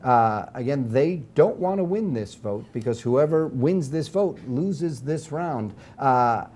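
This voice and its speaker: A man's voice: mid-range voice, animated, slow, darkish tone. A man hosting a comedy game show, playfully reminding the players of the rules.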